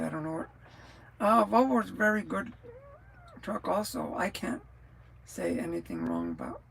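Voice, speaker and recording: A woman's voice: lowish voice, gravelly, slight background noise, low-quality recording. A woman chatting casually on a live stream, rambling from thought to thought and answering viewers' comments as she goes. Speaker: livestreamer.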